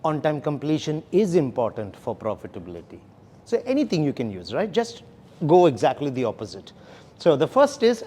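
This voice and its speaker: A man's voice: a little high, wildly swooping pitch, brisk, mellow, slightly rough. A man leading a sales training session, explaining steps and often checking in with "okay?" and "right?". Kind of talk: classroom training lecture.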